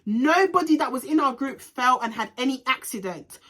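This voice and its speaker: Bright-voiced woman ranting through a storytime. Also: high-pitched, moderate pace. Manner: animated, ranting, heavy swearing; slips in Jamaican patois slang. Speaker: vlogger. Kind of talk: storytime vlog.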